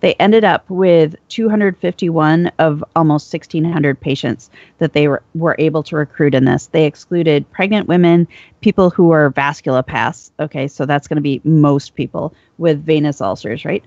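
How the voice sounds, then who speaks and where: A panelist with a gravelly, creaky voice walks through medical research findings in a measured, explanatory way. The recording is dry and close, and sounds dull and lo-fi. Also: medium pitch, a little mellow, no echo. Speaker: physician panelist presenting medical studies. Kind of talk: casual panel discussion.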